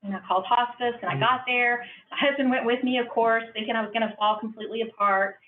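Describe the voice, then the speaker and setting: A woman's voice: on the high side, steady tone, quick pace. A middle-aged woman speaks earnestly and emotionally, acting out the quoted lines of her story. She is heard from far off in a roomy hall, with a narrow, phone-like sound and faint hiss. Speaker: franchise owner speaking at a business conference. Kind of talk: personal testimony talk.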